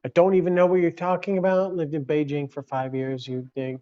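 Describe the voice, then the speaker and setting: A man's voice: fairly high pitch, flat delivery, brisk, hardly any pauses, warm tone, smooth, lo-fi sound. A man from the United States chatting casually on a live stream, rambling and reacting to viewer comments.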